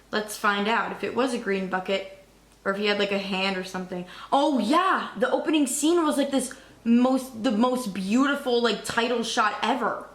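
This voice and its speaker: A young woman vlogging in a casual, rambling, excitable way, cursing now and then. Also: medium pitch, reverberant. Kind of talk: casual chat.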